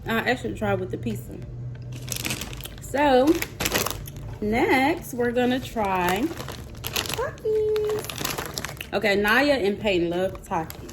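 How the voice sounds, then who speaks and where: A slow-talking mother from Mississippi, USA, tastes snacks as a vlogger and chats casually to camera. Her voice is medium-pitched, and she is chatty and playful, talking straight to viewers over some background noise.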